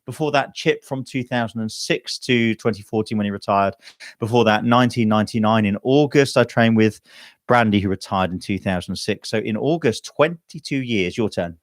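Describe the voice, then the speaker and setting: A man's voice: fairly low pitch, normal speed, no echo, clean studio sound. A man from the United Kingdom co-hosting a casual livestream, reading out viewer comments with a playful, jokey manner. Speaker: co-host reading viewer questions.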